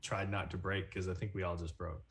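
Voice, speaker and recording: A man chatting on a panel, hesitant and halting, with a few chuckles. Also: low voice, level tone, a bit bright, slight background noise. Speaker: player on the show. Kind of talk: casual panel chat.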